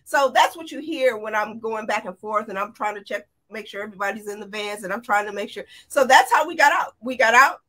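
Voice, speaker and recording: A middle-aged woman with a high, bright, forceful voice tells her story as an interview guest. She talks in an animated, excited rush, breaking off and restarting her sentences. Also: a little fast, hardly any pauses. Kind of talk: emotional storytelling.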